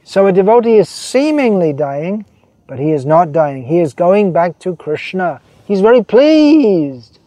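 A man giving a devotional sermon, reading quotations and explaining them, slowing down to stress key phrases. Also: fairly high pitch, lively intonation, mellow, dry recording. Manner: voices quoted figures, slows to stress key phrases. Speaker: preacher.

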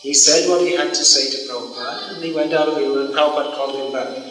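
A man's voice: on the high side, fast, a bit bright. Older man in an echoey hall. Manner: rambling storyteller, repeats words. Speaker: devotee giving a talk. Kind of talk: anecdotal devotional talk. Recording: echoey hall, mic far off.

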